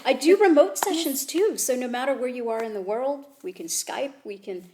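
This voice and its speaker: A woman guest who works as an energy healer, explaining her work calmly and encouragingly. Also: sits high, moderate pace, slight background noise. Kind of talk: casual interview talk.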